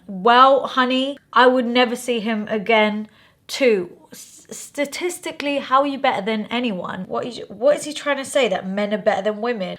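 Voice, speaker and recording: A young woman chatting casually through a makeup tutorial, reacting with animated asides and calling viewers babe and honey. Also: medium pitch. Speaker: makeup vlogger.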